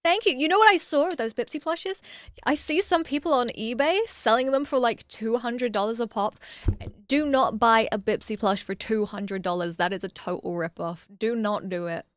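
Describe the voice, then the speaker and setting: A fairly high-voiced woman chats casually on a stream, reading out viewer messages and replying to each. She breaks into excited exclamations now and then. Her voice sits close and dry on a desk mic. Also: moderate pace, no room sound. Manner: chatty, reads viewer messages aloud and answers them.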